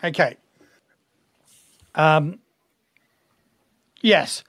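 Man, game master, slow-paced, hesitant, chuckling, dry close sound. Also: fairly high pitch, gravelly, a bit bright, dry recording. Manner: hesitant, with many fillers and chuckles. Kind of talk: narrating a tabletop game.

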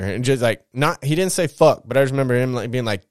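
A young adult man telling a personal life story in a casual, candid way, swearing often and getting animated when he quotes people. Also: mid-range voice, fast, few pauses, clean tone, no echo, studio quality. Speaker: vlogger.

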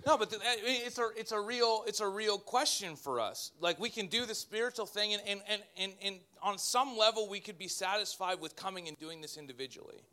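A man, a pastor, preaching a sermon in an animated way with joking asides to his congregation. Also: high voice.

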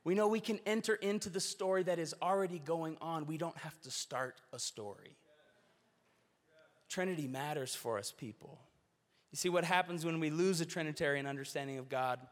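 A man's voice: on the high side, normal speed. A man preaching a sermon, earnest and storytelling, with shifting emphasis. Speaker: pastor. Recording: long hall reverb.

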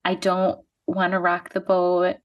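A woman's voice: lowish voice, completely flat delivery, measured pace, dull audio. A woman in her thirties from the United States, a podcast guest talking casually and reflectively with lots of "like". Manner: reflective, heavy use of "like". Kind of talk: casual conversation. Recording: voice a bit distant from the mic.

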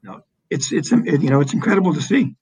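A man speaks in a conversational interview, his voice sitting a bit higher than most men's. He tells stories with energy, often restarting sentences and leaning on fillers as he goes. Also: fast talker, husky, poor audio. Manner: animated storytelling with frequent restarts and fillers. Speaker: interview guest, economic development leader.

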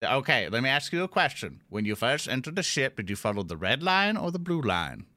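A man playing in a tabletop role-playing game, answering with wry, quick replies. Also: mid-range voice, big pitch swings, sharp tone, dry recording, clean studio sound. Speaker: player. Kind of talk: casual tabletop play.

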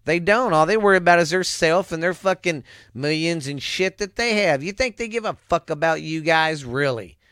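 A man's voice: a little high, a bit bright, smooth, no echo, studio quality. A man hosting his own show, ranting angrily at his listeners, swearing constantly and rambling as he goes. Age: adult with children. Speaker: show host. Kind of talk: angry profane rant to listeners.

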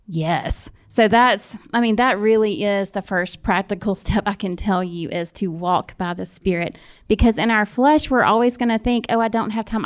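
A woman ministry leader giving practical advice to a class in a relaxed, chatty way, laughing at herself. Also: medium pitch, normal speed. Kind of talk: casual talk to a class.

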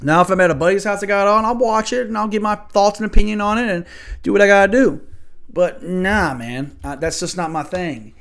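A man's voice: high voice, a little fast, a bit bright. A man hosting a podcast and delivering a blunt, profane sports rant full of rhetorical questions. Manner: argumentative, asks rhetorical questions. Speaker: podcast host.

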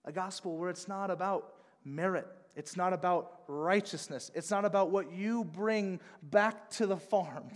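A man preaching a sermon as pastor, emphatic, swinging between hushed and loud delivery. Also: high-pitched, a little slow, hardly any pauses, in a large hall.

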